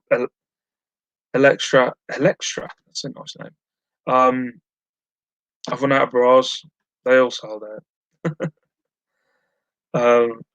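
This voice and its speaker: Male live-streamer, mid pitch, rambling and self-mocking, answering chat at home, dry close sound. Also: no room sound, dull audio. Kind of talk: casual chat while reading live chat.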